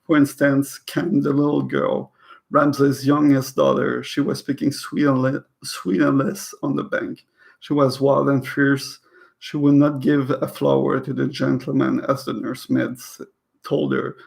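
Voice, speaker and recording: A man's voice: medium pitch, level tone, measured pace, gravelly. A man reading a novel aloud in a casual way, stumbling over words, rereading them, and breaking off into chatty comments. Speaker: reader of a novel. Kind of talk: casual read-aloud with asides.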